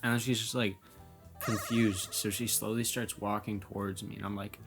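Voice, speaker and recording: A young man with a fairly low voice tells a story to his camera in a loose, casual way. He is animated and fills his talk with "like" as he acts out how he reacted. Soft music plays faintly behind him. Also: moderate pace. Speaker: vlogger telling personal stories.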